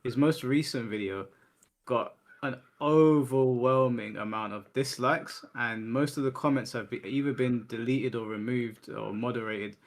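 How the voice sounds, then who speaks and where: A man in a casual gaming discussion, explaining his view step by step in a measured way. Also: mid-range voice. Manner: measured, explanatory, reasoning things through.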